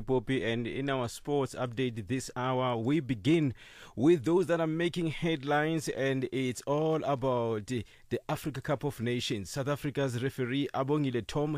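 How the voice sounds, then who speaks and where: A man's voice: mid-range voice, no room sound. Man reading sports news, dry studio. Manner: measured, formal delivery. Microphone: dry studio mic.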